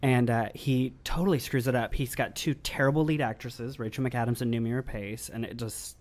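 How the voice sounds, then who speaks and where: Male co-host, opinionated and animated, casual movie chat. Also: mid-range voice, fairly quick. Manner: opinionated, animated film critic. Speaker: podcast co-host.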